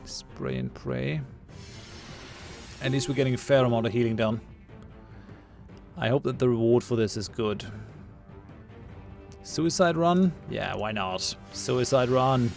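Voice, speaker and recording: Gravelly man thinking aloud through a game. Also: mid-range voice, fairly even intonation, normal speed, pauses often, darkish tone, faint music behind. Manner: thinks aloud, mutters, laughs at his own jokes. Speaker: gamer playing a ship combat game. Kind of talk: casual gameplay commentary.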